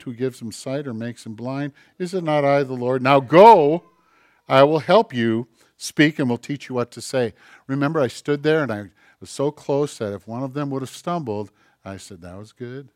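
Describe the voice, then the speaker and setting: A man preaching a sermon, acting out voices and swinging between loud emphatic lines and hushed asides. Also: medium pitch, dry recording, studio quality. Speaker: pastor.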